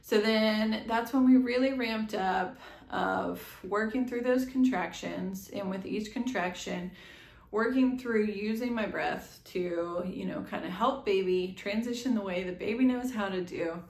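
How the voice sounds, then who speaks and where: A young woman tells her story straight to the camera in a chatty, animated way, full of quick asides. Her voice sits at an ordinary middle pitch. The room around her sounds noticeably echoey. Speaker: vlogger telling her birth story.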